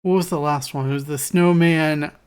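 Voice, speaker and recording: A young woman co-hosting a podcast in casual chat, chatty with quick asides and frequent laughs. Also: sits low, steady tone, darkish tone, clear, resonant tone. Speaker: podcast co-host.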